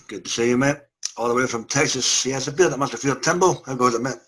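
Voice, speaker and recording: A man's voice: medium pitch, fast, fairly bright tone. A man hosting a casual review chat over a video call, jokey and chummy, calling his guests mate. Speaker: podcast host.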